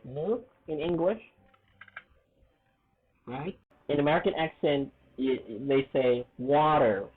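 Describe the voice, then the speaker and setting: A man teaching an English lesson in a casual, earnest way, often checking in with "okay?" and "right?" and stressing words slowly. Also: medium pitch, breathy edge. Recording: tinny phone-like audio.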